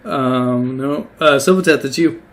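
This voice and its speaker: A man's voice: mid-range voice, measured pace, slight background noise. A man narrating a tabletop game as game master, casual and hesitant with many fillers.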